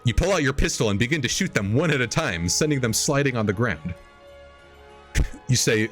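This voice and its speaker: A man hosting a podcast, reading an AI-written story aloud as a comedic dramatic reading and pitching quoted lines up into exaggerated voices. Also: lively intonation, normal speed, faint music behind. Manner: reads quoted lines in exaggerated higher voices, laughing at the text. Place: home streaming setup.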